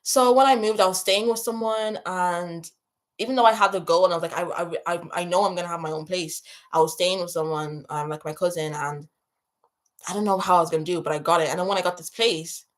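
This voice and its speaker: A woman's voice: lowish voice, fairly even intonation, fairly quick. A young woman hosting a casual livestream, reading out viewer questions and answering them in a chatty, emotional way full of fillers and restarts. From moved to England from abroad. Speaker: YouTube livestream host.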